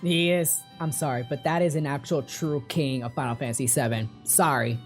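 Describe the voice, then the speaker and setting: A woman's voice: rumbling low, moderate pace, soft background music. A woman co-hosting a casual fan discussion, talking in an emotional, gushing way and rambling with lots of fillers. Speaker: podcast co-host.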